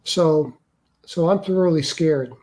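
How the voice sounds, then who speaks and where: An older man, an interview guest, earnestly recounting a personal experience in a halting way with many restarts. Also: fairly high pitch, warm tone. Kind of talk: personal storytelling.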